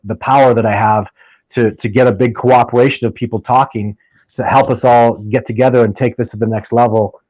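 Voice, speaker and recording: A man guesting on a casual interview, telling stories in an animated, emphatic way and often restarting his sentences. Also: mid-range voice, no room sound. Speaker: podcast guest, field researcher. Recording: dull lo-fi dry sound.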